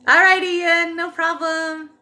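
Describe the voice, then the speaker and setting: A woman's voice: very high-pitched, little pitch movement, slow, pushed and bright. A woman in her thirties hosting a casual livestream, telling a personal story in a rambling way, full of fillers and self-corrections, with casual swearing. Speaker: spiritual livestream host. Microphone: phone livestream.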